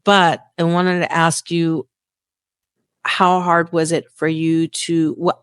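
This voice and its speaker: An older woman, a podcast host, asking slow, deliberate questions in a frank, folksy way. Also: lowish voice, level tone, clean tone, dry recording, clean studio sound. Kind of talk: conversational interview.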